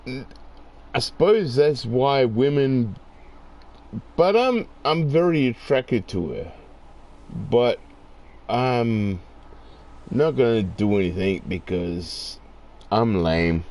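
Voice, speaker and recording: A man's voice: medium pitch, animated, slow pace, long pauses, a little mellow. A middle-aged man in a rambling, profane monologue, getting worked up as he rants.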